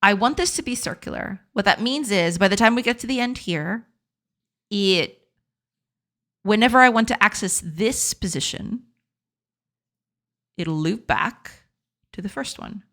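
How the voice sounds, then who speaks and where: A woman's voice: a little high, a bit bright. Giggly woman thinking aloud through a voice changer. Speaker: game developer streaming live. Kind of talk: casual live-stream coding commentary.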